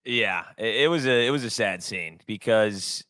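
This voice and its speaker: Young guy on a sports podcast, low voice, relaxed rambling, dry mic. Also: normal speed, dry recording. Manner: laid-back storytelling, silly voices for jokes. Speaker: podcast co-host. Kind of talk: casual sports chat.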